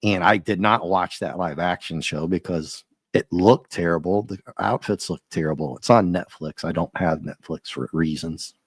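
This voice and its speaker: A man hosting a live stream, chatting and ranting casually with viewers, his voice a little rough and often breaking into laughs. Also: low voice, moderate pace, hardly any pauses, dry recording. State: slightly rough voice. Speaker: livestream host.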